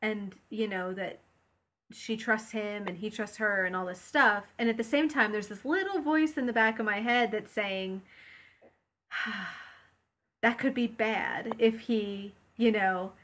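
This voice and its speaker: A woman co-hosting a podcast talks in a relaxed, chatty way. She rambles through her thoughts with plenty of fillers and restarts. Her voice sits at an ordinary middle pitch. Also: a little slow, long pauses, slight background noise. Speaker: podcast co-host. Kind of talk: casual chat.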